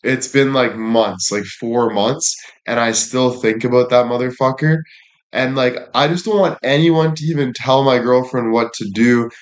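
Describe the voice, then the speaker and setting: A man streaming live to his viewers, telling long anecdotes in a loose, rambling way. He swears freely and keeps circling back to his point. His speaking pitch sits in the ordinary middle range. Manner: rambling, storytelling, frequent swearing. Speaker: livestream host. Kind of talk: casual chat with stream viewers.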